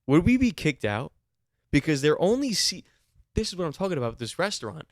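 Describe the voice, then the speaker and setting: A man's voice: on the high side, sing-song, brisk, no echo, studio quality. A man co-hosting a podcast, telling a story in a casual, exasperated way and swearing freely. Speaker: podcast co-host.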